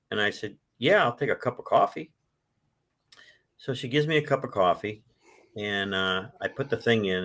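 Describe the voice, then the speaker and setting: A man in his sixties, a book author, telling his life story in an interview, with an animated delivery that swells when he is moved. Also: on the low side. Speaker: author guest.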